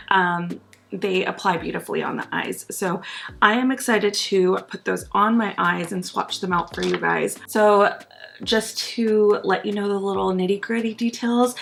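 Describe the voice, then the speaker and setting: A woman's voice: medium pitch, gravelly, a bit bright. A woman vlogger chatting casually and enthusiastically while reviewing makeup, with frequent ums and little laughs. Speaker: beauty vlogger.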